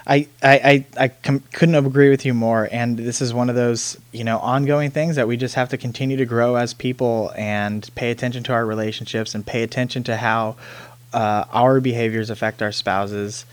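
A man hosting a podcast interview, talking in a relaxed, conversational way. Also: mid-range voice, moderate pace, dry recording. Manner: relaxed, conversational, some restarts. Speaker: podcast host.

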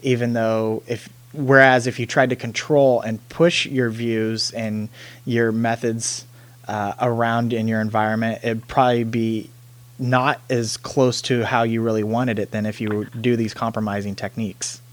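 A man hosting a podcast interview, talking in a relaxed, conversational way. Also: medium pitch, measured pace, no room sound. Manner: relaxed, conversational, some restarts. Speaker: podcast host.

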